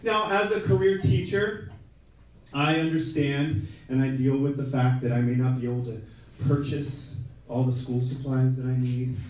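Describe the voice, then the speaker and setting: A man's voice: medium pitch, normal speed, a little mellow. A man doing a wry, self-deprecating stand-up routine on a comedy club stage, often tossing in "right?" as the audience laughs. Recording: echoey room, mic from a distance.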